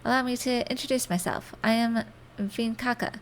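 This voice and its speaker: A woman's voice: on the high side, normal speed, slight background noise, lightly acted. A woman reading as Vinkaka, a flowery sorrowful shrimp. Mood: lamenting. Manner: flowery, old-fashioned wording. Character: pompous melancholy male shrimp poet.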